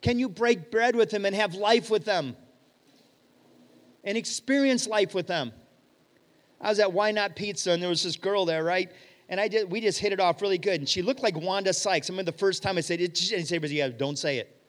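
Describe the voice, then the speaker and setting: A middle-aged man preaching a sermon as pastor, telling stories and acting out the dialogue, sometimes loud and sometimes hushed. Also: high-pitched, a little fast. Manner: animated storyteller, acts out dialogue, swings loud and hushed. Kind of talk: sermon with storytelling. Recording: reverberant hall.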